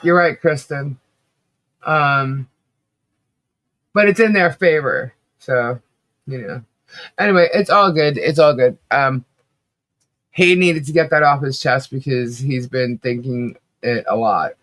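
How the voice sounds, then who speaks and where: A woman co-hosting a casual livestream chat, rambling and laughing often, with a slight cough and a rough throat. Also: very deep voice, slow pace, pauses often, a bit bright. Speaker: livestream co-host.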